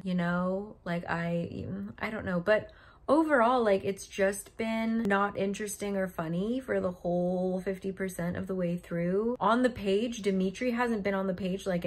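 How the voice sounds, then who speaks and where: A young woman chatting casually in a book vlog, frank and exasperated, with lots of filler words. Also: mid-range voice. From living in Korea. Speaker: book vlogger. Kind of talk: casual reading vlog chat.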